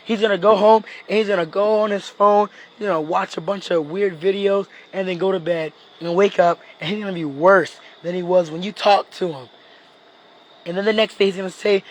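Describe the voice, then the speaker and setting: A man's voice: high voice, brisk, a little hiss or hum. A man giving a casual sermon, acting out little skits of people talking, with lots of "you know" and "like". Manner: animated, acts out dialogue with fillers like "you know". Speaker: preacher.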